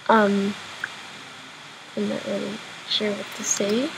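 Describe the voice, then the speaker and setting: A woman's voice: mid-range voice, monotone, takes it slowly, low-quality recording. A young woman giving casual, rambling commentary while playing a game, muttering and joking to herself. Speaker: gamer. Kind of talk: casual let's-play commentary. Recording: home recording with clear background noise.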